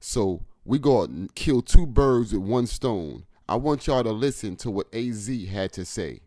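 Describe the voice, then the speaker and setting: A man's voice: lowish voice, expressive, unhurried, warm tone, no room sound, clean studio sound. Emphatic man breaking down a street story. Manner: emphatic, addresses listeners directly. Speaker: host.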